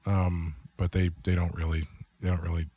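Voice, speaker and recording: A man co-hosting a podcast in casual chat, thinking aloud with halting fillers. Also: low-pitched, flat delivery, dark tone, no room sound. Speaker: podcast co-host.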